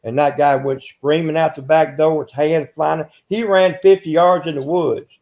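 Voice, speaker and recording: Gravelly older man telling rambling stories. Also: fairly high pitch, steady tone, normal speed. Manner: rambling, self-interrupting, gruff storytelling. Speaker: interviewee. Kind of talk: casual storytelling. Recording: dull lo-fi recording.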